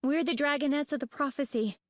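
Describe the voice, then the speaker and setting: A woman voicing a panicky young female dragon in an audiobook, speaking in shrill, rushed squeaks. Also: no echo, clean studio sound, close to an everyday voice. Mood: nervous. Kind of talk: audiobook character voice.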